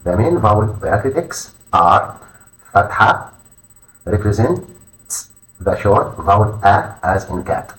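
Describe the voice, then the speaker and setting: Slow, low-voiced man teaching letters. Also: big pitch swings, fairly bright tone. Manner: slow, deliberate, repeats each letter name twice. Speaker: language teacher. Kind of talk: instructional lesson narration. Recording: echoey room, voice far from mic.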